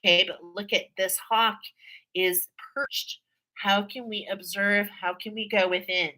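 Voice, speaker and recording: Bright-voiced woman reading tarot cards. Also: mid-range voice, steady tone, unhurried, poor audio. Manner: chatty, repeats herself, frequent "okay?" and laughs. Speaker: tarot card reader. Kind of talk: casual spiritual card reading.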